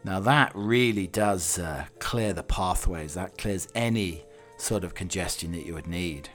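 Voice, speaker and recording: Rambling Scottish man, bright voice. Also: low voice, measured pace, soft background music. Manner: jokey, musing, drifts between tangents. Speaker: podcast host. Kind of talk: rambling comic monologue.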